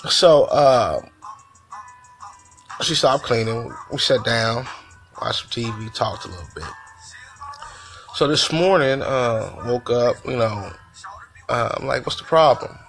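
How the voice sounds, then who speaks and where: Male host, gravelly voice, mid-range pitch, loose profane venting monologue. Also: slow, long pauses, a bit bright, faint music behind. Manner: profane, conversational, loose storytelling. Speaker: podcast host. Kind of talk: casual venting story.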